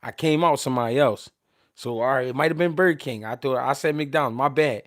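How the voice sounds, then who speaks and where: This man speaks briskly at a medium pitch, spinning laid-back stories as a show host from Philadelphia. Expect lots of slang, profanity, animated energy, and frequent false starts.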